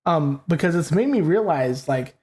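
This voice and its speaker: A man's voice: fairly high pitch, expressive, normal speed, a little mellow. A young man casually commentating on a game he is playing, rambling and swearing freely. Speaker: gaming host. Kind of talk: let's play commentary.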